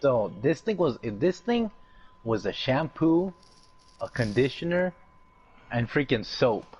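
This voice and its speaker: A man's voice: mid-range voice, very animated, slow, a little mellow, breathy edge, highs cut off. A teenage boy hosting a casual podcast over a voice call, laid-back and hesitant with lots of ums. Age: teens. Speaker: podcast host.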